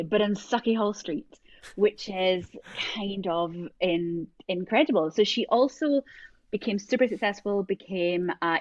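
A woman co-hosting a podcast tells a story in casual chat, using many fillers as she goes. Her voice is lowish, and the recording is dry and dull.

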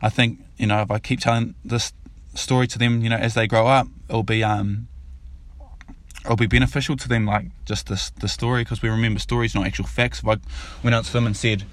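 Rambling dad telling a fable. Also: male voice, lowish voice, flat delivery, a little fast, no room sound. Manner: rambling, repeats himself, loose and informal. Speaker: father telling a story. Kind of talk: casual spoken storytelling.

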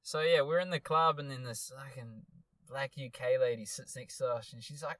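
A young man co-hosting a podcast, telling an animated story with plenty of swearing and acted-out quotes. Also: medium pitch, moderate pace, no room sound. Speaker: podcast co-host. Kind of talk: casual chat, storytelling.

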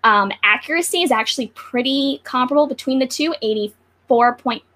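A woman co-host on a video call, giving a steady play-by-play recap of a game show match. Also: high voice, brisk.

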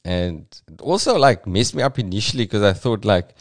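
A man's voice: fairly low pitch, expressive, normal speed. A South African man giving casual, reflective commentary as a podcast host, full of "you know"s.

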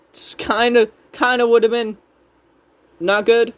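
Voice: mid-range voice, fairly even intonation, slow pace, pauses often. A speaker casually recapping a cartoon episode in a rambling, chatty way with frequent giggles. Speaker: show recap host.

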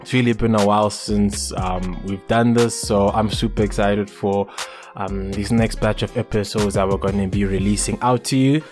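A man co-hosting a podcast in relaxed, playful chat, sometimes half-singing song lyrics. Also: fairly low pitch, normal speed, soft background music. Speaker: podcast co-host. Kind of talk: casual chat.

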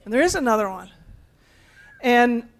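A woman's voice: on the high side, animated, normal speed. Woman pastor giving a conversational sermon with a playful touch. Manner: conversational, playful asides to the congregation.

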